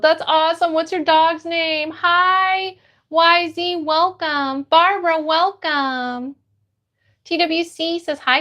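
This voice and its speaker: High-voiced woman streamer reading chat. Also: a bit bright. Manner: upbeat, greets viewers by name. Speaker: livestreamer.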